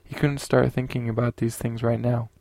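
A man narrating a science fiction audiobook in a steady, unhurried way. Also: mid-range voice, creaky, no echo.

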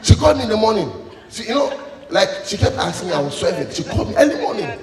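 A man doing live stand-up comedy on stage, loud and playful as he tells stories. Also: sits high, fast. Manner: loud, animated, playful storytelling. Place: stage in a hall with audience. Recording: echoey hall with loud crowd noise.

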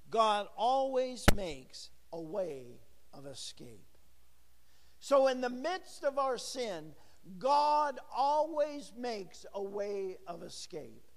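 A man's voice: sits high, long reverb tail. A middle-aged man preaching a sermon in a church, talking with the congregation and asking them questions. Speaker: pastor.

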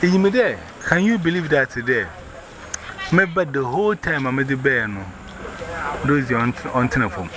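A man's voice: medium pitch, lively intonation, normal speed. A man telling a rambling story, repeating words as he goes. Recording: noisy recording.

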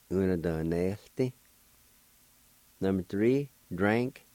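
On a radio show recorded in a studio with no echo, a man with a low, slightly mellow voice teaches a language. He goes a little slowly and pauses often, patiently spelling words letter by letter and sounding them out syllable by syllable.

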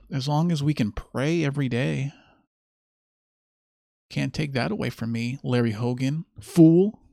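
A man's voice: mid-range voice, creaky, darkish tone, dry recording, clean studio sound. A man hosting his own stream, ranting in a sarcastic, mocking way about a clip he has just played. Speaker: streamer host. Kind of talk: casual solo stream commentary.

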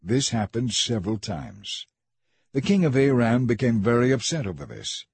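Husky man reading scripture aloud. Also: medium pitch, big pitch swings, moderate pace, dry recording. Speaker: audiobook reader.

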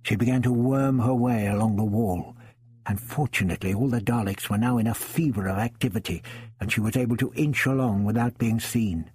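A man reading a first-person adventure story aloud in a measured, dramatic storytelling manner. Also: fairly low pitch, darkish tone, breathy edge, no room sound. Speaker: audiobook narrator. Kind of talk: scripted first-person narration.

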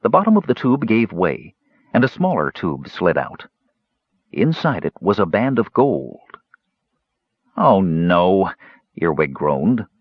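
Male fantasy narrator, lowish husky voice, animated, dry dull lo-fi audiobook. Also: measured pace, no room sound. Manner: dramatic, animated storytelling.

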